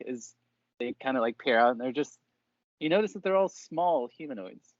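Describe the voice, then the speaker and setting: Rambling game master, dry muffled audio. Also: male voice, medium pitch, lively intonation, normal speed, no echo. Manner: rambling, lots of fillers like "like" and "kinda". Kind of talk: narrating a tabletop game.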